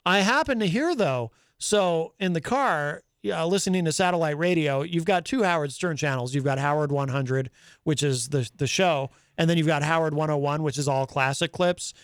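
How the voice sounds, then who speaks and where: A man's voice: on the high side, moderate pace, clear, resonant tone, no room sound, studio quality. A man hosting a live talk show in casual chat, reading viewer comments aloud and rambling with many fillers and restarts. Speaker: host.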